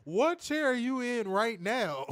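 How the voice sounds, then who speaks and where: A man's voice: extremely high pitch, very animated, slow pace, fairly bright tone, no echo, studio quality. Laughing, loose-talking young man. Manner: laughs hard, loose and profane. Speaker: podcast co-host. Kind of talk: casual chat.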